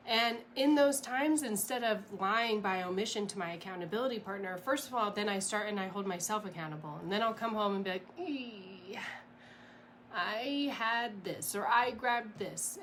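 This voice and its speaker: A woman coach talking casually and candidly to her followers, dropping swear words and little laughs as she goes. Her pitch sits in the middle, and a faint hiss runs under the voice. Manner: candid and plain-spoken, swears freely; animated, with frequent fillers and little laughs. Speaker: health and sugar detox coach. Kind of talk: casual motivational talk.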